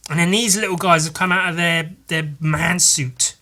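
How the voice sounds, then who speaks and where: A man's voice: a little high, fairly even intonation, normal speed, few pauses, bright, forceful tone. A man hosting a podcast, reading through a comic book in a casual, rambling, sweary way. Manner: rambling, sweary, laughing often. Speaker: podcast host.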